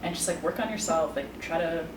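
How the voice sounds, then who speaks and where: A woman's voice: lowish voice, a little fast. A woman on a discussion panel giving thoughtful advice, with many fillers. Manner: thoughtful, uses "like" a lot. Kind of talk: casual panel chat. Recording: roomy, distant mic, noisy.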